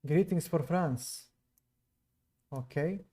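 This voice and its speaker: Male chess streamer from Serbia, non-native English accent, slow unhurried delivery, soft dark tone. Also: a little high. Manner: slow, musing, chats with viewers between moves. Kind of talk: live stream commentary while playing.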